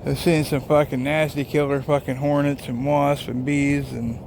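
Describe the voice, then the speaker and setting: A man who drives trucks films himself on a handheld phone as he walks a lakeside rest area outdoors, chatting casually in a walking vlog. His medium-pitched, creaky voice holds a level tone at a moderate pace, with background noise. He rambles with wandering thoughts and swears constantly.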